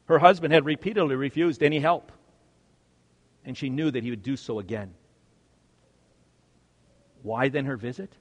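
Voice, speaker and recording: A male pastor preaching a sermon, swinging from loud, stressed words to hushed, quiet lines. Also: medium pitch, moderate pace, pauses often, husky, in a large hall.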